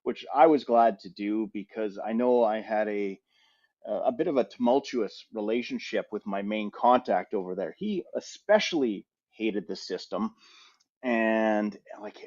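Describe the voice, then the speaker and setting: A middle-aged man co-hosting a podcast, telling a rambling travel anecdote in a lively, casual way with frequent restarts. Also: lowish voice. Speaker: podcast co-host. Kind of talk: casual storytelling. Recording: slightly muffled audio.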